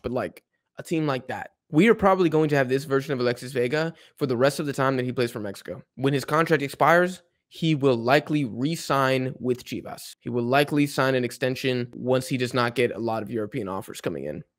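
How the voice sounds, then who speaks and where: Guy ranting about soccer on his channel, fired up and rambly, medium-pitched voice. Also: brisk. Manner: animated, opinionated, rambling. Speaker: football video host. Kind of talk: casual football rant to camera.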